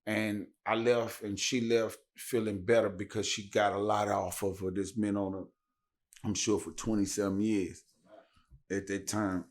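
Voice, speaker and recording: A man's voice: fairly low pitch, measured pace. A man, telling a story casually as a podcast guest and acting out the dialogue. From Tennessee. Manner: animated, acts out dialogue with raised voice.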